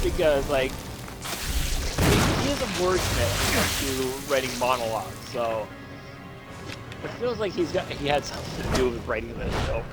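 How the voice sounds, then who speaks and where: A man talking in a loose, rambling way as he plays a game, his voice sitting at an ordinary middle pitch. He gets worked up quickly, swears freely and stumbles over repeated words. Loud game music plays underneath him. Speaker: gameplay commentator. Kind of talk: casual chat while playing a game.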